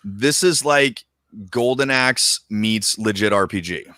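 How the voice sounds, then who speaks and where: A man co-hosting a podcast in casual chat, excitable and slangy, swearing casually. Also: slow, no echo, clean studio sound. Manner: excitable, slangy, swears casually, jumps into high voices for quoted lines. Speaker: podcast co-host.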